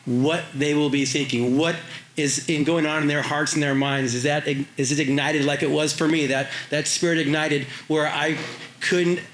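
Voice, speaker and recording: A man, an Olympic champion, giving halting, emotional remarks at a public event, with many fillers and restarts. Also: on the high side, fairly even intonation, a bit bright, slight background noise. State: choked up with emotion. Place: airport event space. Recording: echoey event hall.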